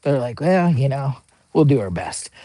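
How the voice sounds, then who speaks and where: A man's voice: mid-range voice, lively intonation, moderate pace, warm tone, dry recording. A man talking casually in a rambling, goofy, slangy product review vlog, outdoors at camp. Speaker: vlogger. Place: camping outdoors.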